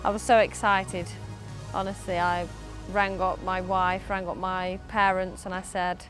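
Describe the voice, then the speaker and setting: An upbeat woman talks freely in an interview, laughing easily between answers. Her voice sits at an ordinary middle pitch, and a clear music bed runs underneath her. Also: flat delivery, normal speed. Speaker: professional cricketer. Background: background music.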